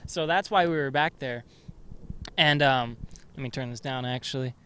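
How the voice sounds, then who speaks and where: A man's voice: medium pitch, moderate pace, a bit bright, a little hiss or hum. A young man hosting a podcast, telling rambling childhood stories in casual chat and swearing a lot. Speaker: podcast host.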